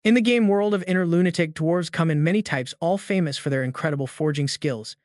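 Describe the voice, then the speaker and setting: A man narrating a fantasy comic recap in an even, steady scripted reading. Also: fairly high pitch, fairly quick, dry recording, studio quality.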